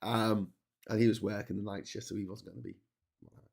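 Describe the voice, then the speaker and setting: A man's voice: fairly low pitch, steady tone, quick pace, gravelly. A man hosting a long solo livestream, telling travel stories in a rambling way with many restarts while he is losing his voice. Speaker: livestream host. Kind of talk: casual travel storytelling. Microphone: streaming setup.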